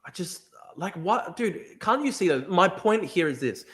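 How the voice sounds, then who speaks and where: A man's voice: high-pitched, very animated, unhurried, fairly bright tone. A man from Australia hosting a heated debate, exasperated, stammering and restarting, calling the other person "dude" again and again. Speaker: podcast host.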